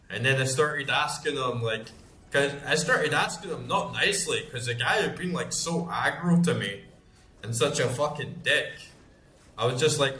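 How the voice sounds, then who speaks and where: A man's voice: medium pitch, moderate pace, bright, forceful tone. Rambling man with a roomy echo. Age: 40s. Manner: rambling, swears a lot, filler-heavy. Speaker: gaming YouTuber. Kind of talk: casual storytelling.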